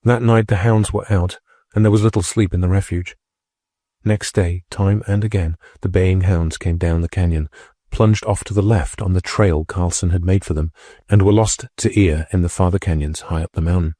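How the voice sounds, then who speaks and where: A man reading a classic novel aloud as an audiobook narrator, in a measured, steady storytelling manner. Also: low voice, no echo, clean studio sound.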